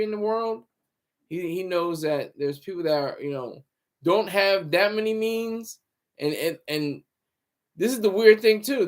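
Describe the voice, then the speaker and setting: A man livestreaming casual commentary in a rambling, sarcastic way. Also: sits high. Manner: rambling and sarcastic, with frequent restarts.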